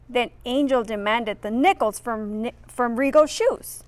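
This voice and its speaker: A woman's voice: on the high side, lively intonation, a little slow, hardly any pauses, no echo. A woman reading a children's picture book aloud expressively, adding friendly asides for her listeners. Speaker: reader.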